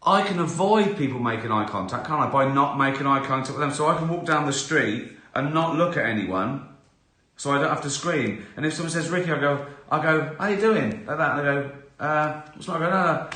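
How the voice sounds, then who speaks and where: Middle-aged guy rambling on a live stream, bright voice, lots of laughs, roomy echo. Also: medium pitch, brisk. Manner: chatty, laughs often, acts out little scenes. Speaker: host answering viewer questions. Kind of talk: casual live-stream chat.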